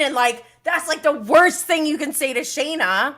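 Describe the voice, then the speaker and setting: A young woman talks through a casual recap stream, her voice bright and pushing forward. She is emotional and blunt and doesn't hold back on swearing. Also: on the high side, normal speed, hardly any pauses. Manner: emotional and outspoken, swears freely. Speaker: reality TV recap host. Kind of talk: casual gossipy recap livestream.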